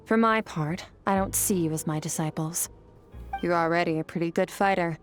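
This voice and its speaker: A woman voicing a cool, stern female sword master in a video game, speaking in a calm, measured, matter-of-fact way. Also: lowish voice, soft background music, lightly acted. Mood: composed. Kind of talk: game voice acting.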